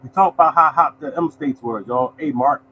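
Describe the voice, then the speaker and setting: A man runs a casual live lottery show, slightly high-voiced and loose in tone. He keeps up a friendly running chatter, greeting viewers and saying "y'all" often. A faint background hiss sits under his voice. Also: a little fast, sharp tone, low-quality recording. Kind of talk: casual live-stream chat, reading results.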